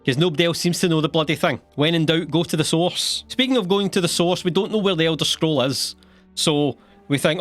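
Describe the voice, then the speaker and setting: A young man rattles through a comedic game summary in a slightly high voice, dry sarcasm mixed with bursts of laughter and casual swearing. Faint music hums quietly under his narration. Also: a little fast.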